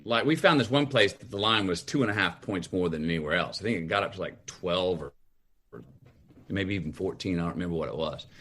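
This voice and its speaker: A middle-aged man, a podcast guest, telling a long story with lively, drawn-out delivery. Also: on the low side. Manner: lively, drawn-out storyteller who acts out scenes. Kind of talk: animated storytelling in a podcast chat.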